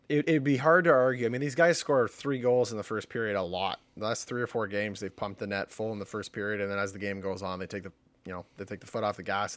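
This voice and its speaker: A man co-hosting a sports podcast, chatting casually and hesitantly, often trailing off quietly. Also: mid-range voice, dry recording. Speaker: podcast co-host.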